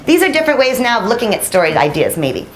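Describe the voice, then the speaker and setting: A woman's voice: on the high side, very animated, fast talker, slight background noise. A woman in her forties, a journalist giving a storytelling talk to a room of listeners, chatty and self-deprecating, laughing often. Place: audience room.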